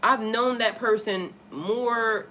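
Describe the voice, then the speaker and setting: A woman's voice: on the high side, takes it slowly, pushed and bright, a little hiss or hum. A woman, a spiritual life coach, telling a personal story on a casual livestream in a candid, profane way and greeting viewers in the chat.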